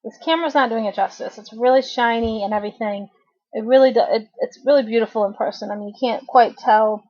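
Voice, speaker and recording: A woman in her thirties walks viewers through a knitting project in a relaxed, chatty way, pausing now and then to clear her throat. Her voice sits a little high. The sound is dull and lo-fi, recorded through a home webcam. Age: 30s. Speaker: craft tutorial host. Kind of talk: casual knitting tutorial.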